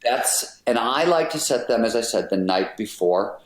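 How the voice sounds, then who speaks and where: A man's voice: mid-range voice, animated, moderate pace. A middle-aged man, a podcast guest, explaining his ideas in an emphatic, casual way, with an occasional swear word. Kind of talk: casual interview talk. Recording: roomy echoey sound.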